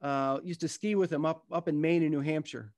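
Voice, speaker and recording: A man's voice: fairly high pitch, steady tone, a little mellow. Earnest middle-aged man telling a story. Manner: earnest, heartfelt storyteller with halting restarts. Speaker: guest speaker and author. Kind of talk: personal storytelling talk with a book reading.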